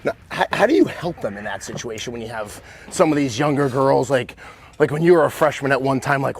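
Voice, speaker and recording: A man coaching and interviewing a softball player, encouraging and rambling, with many restarts in his questions. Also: medium pitch, fairly quick, vocal fry.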